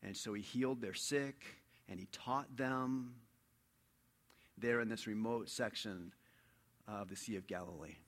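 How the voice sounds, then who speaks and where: A man preaching a sermon in an animated storytelling way, dropping to a hush and then rising loud. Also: lowish voice, measured pace. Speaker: pastor.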